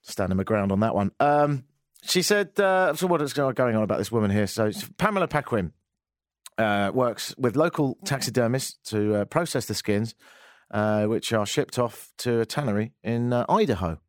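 A man hosting a talk radio show, rambling through a monologue with a wry, self-mocking streak. His pitch jumps up and down a lot as he talks. The studio sound is dry and close, with no room echo. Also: expressive, normal speed.

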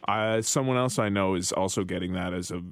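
A man co-hosts a radio chat show, answering in short, easygoing replies. His voice sits fairly low. It is recorded dry and close in the studio. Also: fairly quick, no echo. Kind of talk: casual chat show banter.

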